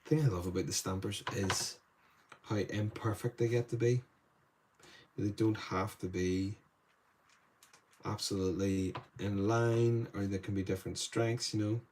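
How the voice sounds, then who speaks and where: A man hosting a live painting demo, thinking aloud softly as he works and brightening when he greets viewers in the chat. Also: fairly low pitch, steady tone, measured pace, slight background noise. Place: indoor studio room.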